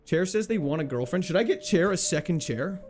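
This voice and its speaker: A man's voice: high-pitched, lively intonation, brisk, a little mellow, soft background music. A man streaming a video game live, chatting casually and playfully as he reads out chat and laughs often. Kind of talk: casual live gameplay commentary, reading chat.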